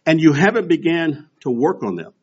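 A man's voice: on the high side, moderate pace, husky. A man in his sixties preaching a sermon, telling stories and acting out quoted voices as he goes. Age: 60s. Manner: storytelling with animated quoted voices. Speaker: pastor. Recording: dull lo-fi recording.

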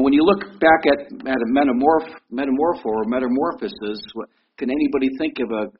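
A man in his fifties preaching a sermon in a conversational way, often repeating words and asking his listeners questions. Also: medium pitch. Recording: dull lo-fi recording with faint noise.

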